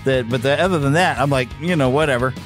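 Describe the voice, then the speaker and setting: A man's voice: mid-range voice, quick pace, soft background music. A man hosting a podcast in casual chat, rambling and upbeat, with lots of fillers and restarts. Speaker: podcast host. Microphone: podcast microphone.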